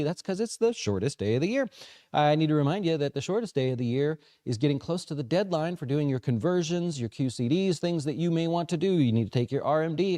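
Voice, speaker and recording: A man's voice: dry recording, clean studio sound. A man hosting a market recap show as a financial advisor, chatty and jokey, correcting himself as he goes. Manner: lively pitch swings. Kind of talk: casual market recap talk.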